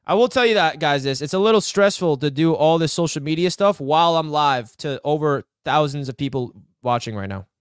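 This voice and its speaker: Young guy streaming live, kinda high voice, super hyped, rambling to chat, dry sound. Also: lively intonation, a little fast, few pauses, clear, resonant tone, dry recording. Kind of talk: excited live-stream sports reaction.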